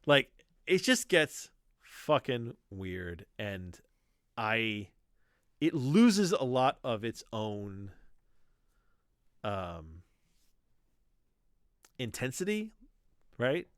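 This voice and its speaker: A man of ordinary pitch hosts a casual podcast from home. His voice rises and falls a lot as he acts out quoted lines and swears with enthusiasm. The sound is dry and close, with no room echo. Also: very animated, very slow, long pauses. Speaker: podcast host. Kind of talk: casual chat about comics.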